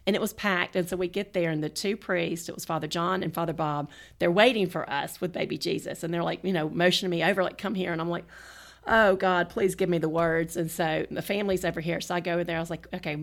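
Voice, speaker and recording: A middle-aged woman hosting a parenting podcast, telling stories in an animated, casual way and laughing often. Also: fairly low pitch, quick pace, gravelly, few pauses. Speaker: podcast host. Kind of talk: casual conversational storytelling.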